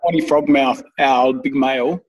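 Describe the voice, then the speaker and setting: A man's voice: medium pitch, fairly even intonation, moderate pace, breathy edge, far from the mic, rough recording. A man telling rambling stories in casual chat, swearing freely and laughing at his own tales.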